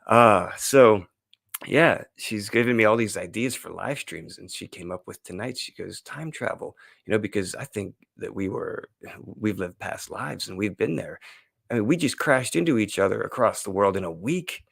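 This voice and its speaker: A man's voice: fairly low pitch, moderate pace, gravelly, a bit bright, no echo. A man hosting a casual solo live stream, rambling and gushing with lots of fillers and restarts.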